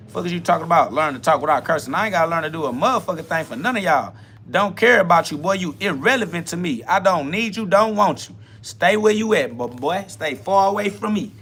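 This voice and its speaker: On his solo podcast, a man lets loose a profane, combative rant. His slightly high voice sounds bright and forceful as he taunts and jabs with blunt certainty.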